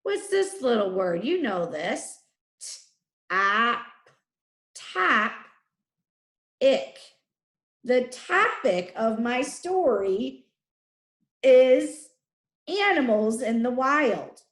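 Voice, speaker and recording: A woman teaching phonics to first graders, speaking very slowly and spelling out each sound with care. Her voice sits a little high. The recording has an echoey room sound. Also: very animated. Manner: slow, clearly drawn-out letter sounds.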